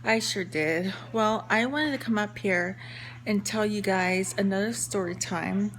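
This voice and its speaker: A woman's voice: mid-range voice, unhurried, fairly bright tone. Young woman, casual story-time vlog, chatty, fillers and restarts, faint hiss. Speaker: vlogger.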